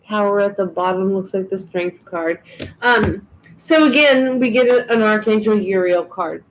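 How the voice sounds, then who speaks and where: A woman's voice: medium pitch, moderate pace, a little hiss or hum, rough recording. A woman giving a live tarot and oracle card reading, chatty and reassuring, with frequent ums and restarts. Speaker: tarot reader.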